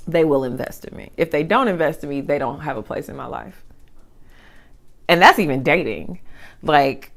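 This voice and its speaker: A young woman chatting casually as she eats on camera, animated, with side remarks and chewing sounds between thoughts. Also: sits low, normal speed, gravelly, pauses often. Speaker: mukbang vlogger. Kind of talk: casual chat while eating.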